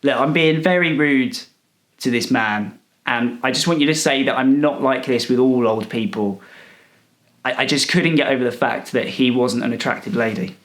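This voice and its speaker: A man's voice: medium pitch, moderate pace, a bit bright, roomy sound. A man telling a comic story as a rude, boastful character, sarcastic and fed up. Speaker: comedic storyteller.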